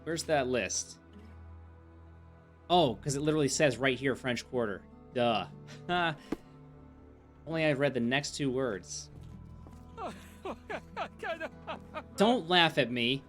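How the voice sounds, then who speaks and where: A man streaming a video game live, thinking aloud and gently mocking himself. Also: mid-range voice, measured pace, pauses often, faint music behind.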